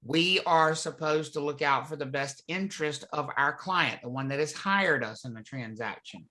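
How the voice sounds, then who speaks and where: A man's voice: on the high side, normal speed, sharp tone. A man teaching a real estate class, talking conversationally and often asking the students questions. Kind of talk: live classroom lecture. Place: classroom or live online class.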